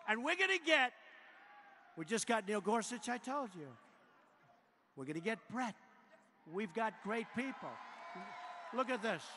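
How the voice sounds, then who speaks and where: Older man shouting a rally speech. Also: high-pitched. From United States. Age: 70s. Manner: boastful, repetitive, bursts into shouting. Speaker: president addressing a rally. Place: large arena. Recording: long hall reverb with faint noise.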